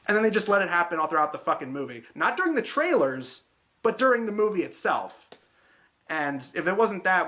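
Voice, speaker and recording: A man's voice: mid-range voice, pushed and bright. A man hosting a movie review show, talking through films in a casual, rambling way, full of fillers like "uh" and "like", and swearing freely. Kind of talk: casual spoken movie recap.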